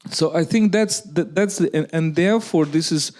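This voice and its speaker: A man's voice: fairly high pitch, normal speed, a little mellow. Earnest man with a Ukrainian accent. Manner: earnest, argumentative, with frequent restarts. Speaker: guest speaker. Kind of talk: live public conversation.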